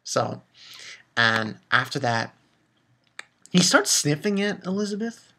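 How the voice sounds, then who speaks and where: Husky guy slowly rambling through a comic chapter review, gets hyped and cusses a lot. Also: a little high. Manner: excitable, loose and profane, with many fillers. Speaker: manga reviewer. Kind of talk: casual spoken review, retelling a comic chapter.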